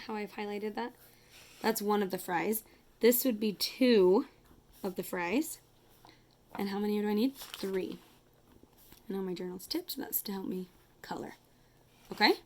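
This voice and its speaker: A woman's voice: mid-range voice, darkish tone. Woman, elementary math teacher; casual, chatty, self-correcting, counts aloud while drawing. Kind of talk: casual math lesson to kids.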